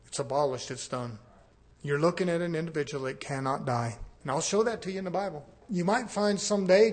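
A man with a notably high voice preaches to a congregation. He rises into loud, drawn-out scripture reading, then drops into quiet, conversational asides to the room. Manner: drawls out repeated words for emphasis. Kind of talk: sermon.

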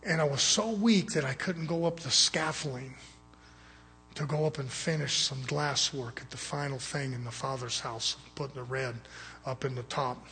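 Preacher guy telling a story, kinda husky, high voice, big echo. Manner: animated storytelling, rising to loud emphatic bursts. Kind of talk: sermon. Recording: long hall reverb.

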